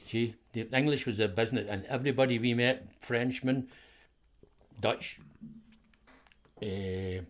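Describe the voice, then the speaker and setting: A Scottish man in his seventies, guesting on a podcast, rambles through anecdotes with frequent chuckles and restarts. His medium-pitched voice moves at a measured pace and pauses often in this casual storytelling conversation.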